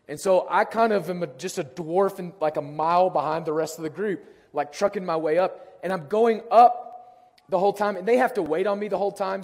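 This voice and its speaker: A man with a hoarse, worn-out voice preaching a sermon, telling self-deprecating stories with jokes. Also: high voice. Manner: self-deprecating storytelling, lively and joking. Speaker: pastor. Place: church sanctuary. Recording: long hall reverb.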